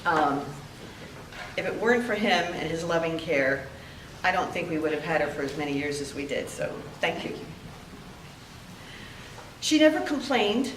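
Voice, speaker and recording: A woman's voice: low-pitched, big pitch swings, slight background noise. Older woman giving a eulogy in an echoey room. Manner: heartfelt storytelling with pauses. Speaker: eulogy speaker. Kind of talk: memorial tribute speech. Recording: echoey room, heard from a distance.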